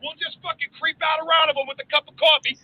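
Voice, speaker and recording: A man giving a fiery, profane speech to troops, shouting and laughing between lines. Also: very high voice, flat delivery, quick pace, phone-quality sound. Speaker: military speaker.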